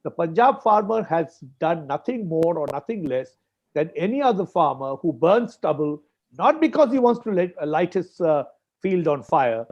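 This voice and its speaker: A man's voice: on the high side, darkish tone, muffled recording. A man with an Indian English accent, arguing emphatically as a farmers' spokesperson on a panel discussion, repeating key points for stress.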